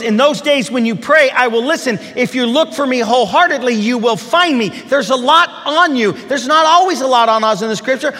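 A preacher with a very high, bright voice, preaching to a congregation. He drops soft and low, then climbs loud and emphatic. The sound carries a long hall reverb. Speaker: pastor. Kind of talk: sermon.

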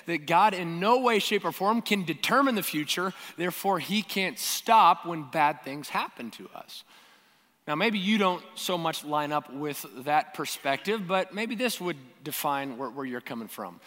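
A man's voice: high-pitched, sharp tone, in a large hall. A man preaching a sermon, talking earnestly and directly to the congregation and asking them rhetorical questions. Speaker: pastor.

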